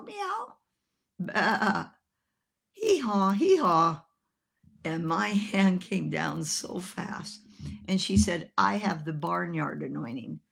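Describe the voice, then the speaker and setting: A woman preaching a sermon, telling a story with animated, humorous acted-out voices. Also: deep voice, gravelly, husky.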